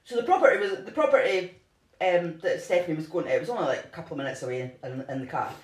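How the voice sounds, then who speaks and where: A voice at a middling pitch, telling a true-crime story in a loose, chatty way. The telling rambles, with plenty of "like" and false starts. The recording has a noticeable echo from the room. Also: lively intonation, quick pace. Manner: rambling, lots of "like" and restarts. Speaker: podcast co-host. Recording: roomy echo.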